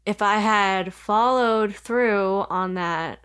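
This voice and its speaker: A woman's voice: medium pitch, slow pace, a bit bright, clear, resonant tone. A woman guest on a podcast, talking in an earnest, reflective way in casual chat. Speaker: podcast guest, host's sister.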